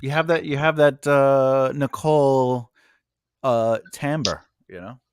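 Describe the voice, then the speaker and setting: A man's voice: medium pitch, slow, clear, resonant tone, no room sound, studio quality. A man joining a casual video call as a guest writer, joking and self-deprecating.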